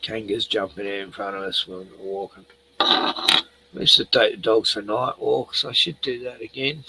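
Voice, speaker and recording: A man's voice: lowish voice, normal speed, gravelly, pushed and bright, slight background noise, rough recording. An older Australian man hosting a casual livestream, rambling and swearing freely while tipsy from a few beers. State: tipsy from beer. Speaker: livestream host.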